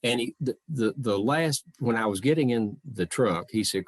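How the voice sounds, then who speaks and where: A man's voice: medium pitch, lively intonation, normal speed, few pauses, dry recording. A middle-aged man giving a storytelling talk as a living historian, folksy and anecdotal, often quoting what others said to him.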